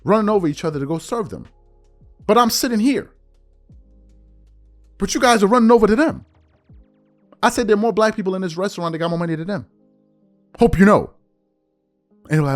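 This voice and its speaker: Over soft background music, a male podcast host with a high voice launches into a heated sports commentary rant. He speaks fairly quickly with long pauses, staying animated, confrontational, and mocking as he calls his listeners out.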